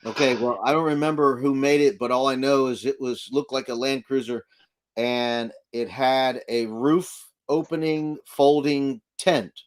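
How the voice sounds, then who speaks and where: A man's voice: mid-range voice, steady tone, unhurried. A man hosts a casual live stream in an easygoing way, chatting with his guest. He reads viewer comments aloud as he goes.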